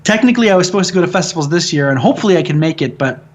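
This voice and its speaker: A man, a film director, telling stories in a casual interview, excitable and cursing freely as he jokes. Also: on the high side, very fast. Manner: excitable, swears freely, jokey storytelling.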